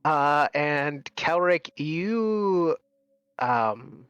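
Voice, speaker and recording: A man's voice: a little high, animated, very slow, a bit bright, clear, resonant tone, no room sound. A man running a tabletop game as game master, narrating casually with many fillers. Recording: dull, dry recording.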